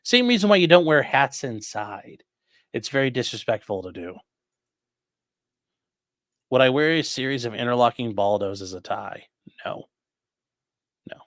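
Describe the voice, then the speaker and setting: A man hosting a livestream, reading out viewer questions and answering them in a rambling, offhand way that often trails off quietly. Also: mid-range voice, very animated, moderate pace, long pauses, dry recording, studio quality. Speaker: livestream host reading chat. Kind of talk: casual live chat.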